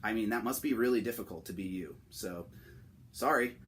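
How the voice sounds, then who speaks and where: A young man hosting a satirical comic monologue, delivered deadpan and mock-serious. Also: on the low side, quick pace. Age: young adult. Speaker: host.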